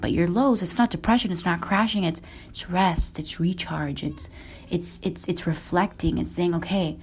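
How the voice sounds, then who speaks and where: A woman's voice: on the low side, darkish tone. A woman vlogger talking earnestly and encouragingly to her viewers about rest and self-care, often repeating words.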